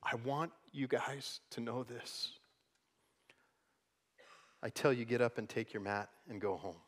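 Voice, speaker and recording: A man preaching a sermon as pastor, dropping to soft, hushed lines and then building to loud, emphatic passages. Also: mid-range voice, measured pace. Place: church sanctuary.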